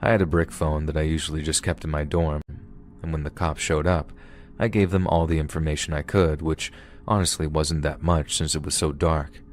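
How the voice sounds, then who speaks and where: A man with an extremely low, deep voice narrates a first-person scary story, calm and steady. Soft music plays faintly beneath him. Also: moderate pace. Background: background music.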